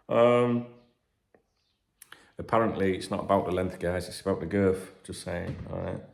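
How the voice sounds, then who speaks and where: A middle-aged man with a low, gravelly voice hosts a casual football gossip show. He reads out transfer headlines, then wanders into cheeky asides and swearing. His voice bounces around a roomy, echoey room. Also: very animated, normal speed. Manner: chatty and cheeky, swears and jokes between reading headlines. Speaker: football channel host.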